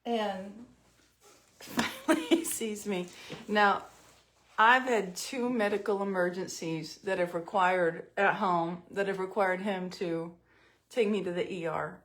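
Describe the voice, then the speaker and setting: Slow, chatty woman telling stories at home. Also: mid-range voice, a bit bright. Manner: chatty, self-mocking storyteller. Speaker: vlogger doing makeup. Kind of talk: casual storytelling vlog.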